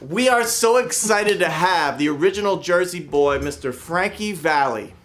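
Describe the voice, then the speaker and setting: A man hosting a livestream show from Philadelphia, brash, excitable and profane as he calls out to viewers. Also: high-pitched, moderate pace. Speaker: host and bandleader.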